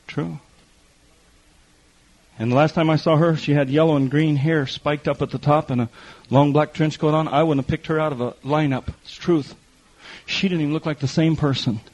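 A man's voice: fairly high pitch, fairly even intonation, normal speed, a little mellow. A middle-aged man preaching a folksy testimony sermon, telling stories and acting out the other people in them. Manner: folksy storytelling with quoted voices and repetition. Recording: muffled lo-fi recording.

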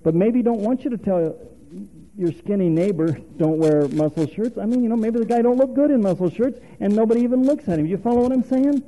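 A man's voice: very high-pitched, quick pace, mellow, rough recording. A male preacher giving a folksy, conversational sermon, quizzing the congregation and chuckling often.

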